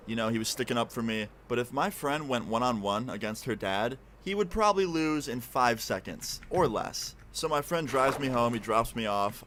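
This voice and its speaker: Young guy telling a story on stream, chatty, lots of likes, faint noise behind. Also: medium pitch. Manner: animated, casual. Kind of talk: storytime narration.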